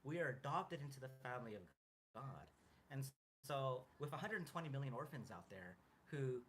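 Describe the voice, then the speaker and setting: A man in his thirties in casual chat as co-host, earnest and halting, with many restarts and fillers. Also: medium pitch, lively intonation, a bit bright, a little hiss or hum.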